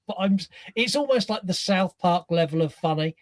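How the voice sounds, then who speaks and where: A man co-hosting a podcast in casual chat, expressive and swearing casually, acting out little lines as he tells them. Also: high-pitched, a little fast, few pauses, no room sound, studio quality. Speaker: podcast co-host.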